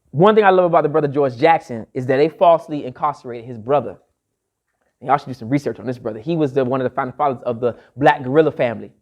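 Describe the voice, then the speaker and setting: A man lecturing to a live audience, emphatic and repeating his key phrases like a refrain. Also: fairly high pitch. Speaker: speaker addressing an audience.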